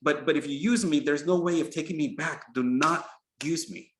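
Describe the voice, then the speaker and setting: A man's voice: a little high, moderate pace, roomy sound, recorded from a distance, noisy background, close to an everyday voice. A man voicing a word that pleads with its speaker not to say it. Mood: pleading. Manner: pleading, urgent.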